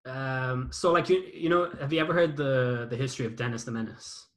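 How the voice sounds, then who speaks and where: A young man in a casual podcast chat who rambles and swears freely. His delivery is self-mocking, with a pitch that sits in the middle of the male range. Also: a little fast, a bit bright. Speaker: podcast host and former YouTuber.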